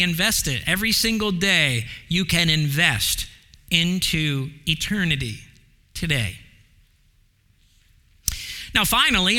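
A man gives a sermon as pastor with lively energy, his voice climbing to excited highs and sinking to hushed lows. The odd filler slips in.

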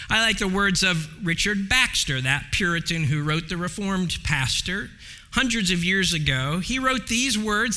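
A man's voice: sits high, expressive, slow pace, sharp tone. Emphatic male preacher in a reverberant church. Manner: emphatic, preacherly, varies pace for stress. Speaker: pastor. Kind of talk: sermon. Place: church sanctuary. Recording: long hall reverb.

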